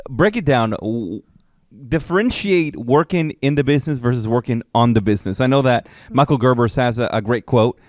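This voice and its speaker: A man's voice: mid-range voice, a little fast, a little mellow, no room sound. A man with a mid-range voice co-hosts a podcast, mostly chiming in with short, supportive replies. His voice is recorded close and dry. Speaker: podcast co-host. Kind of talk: casual chat.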